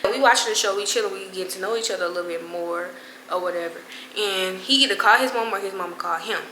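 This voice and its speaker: Chatty young woman vlogger, bright voice. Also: mid-range voice, fast talker, roomy sound, slight background noise, poor audio. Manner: chatty, slangy, laughing asides to viewers. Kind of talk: casual storytime.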